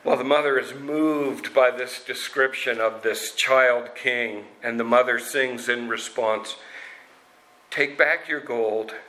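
A man retelling a story expressively, slow and dramatic, acting out the parts. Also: mid-range voice, fairly even intonation, bright, forceful tone, low-quality recording.

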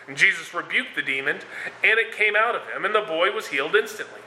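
A man's voice: high-pitched, lively intonation, fast talker, pushed and bright, slight background noise. A man giving a conversational sermon, with frequent fillers and restarts as he explains scripture and tells a story. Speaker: preacher. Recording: echoey room.

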